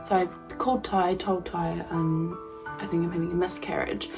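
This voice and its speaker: A young woman vlogging to camera, telling a personal story in a halting way full of ums and likes. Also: fairly low pitch, fairly even intonation, creaky, over music, poor audio.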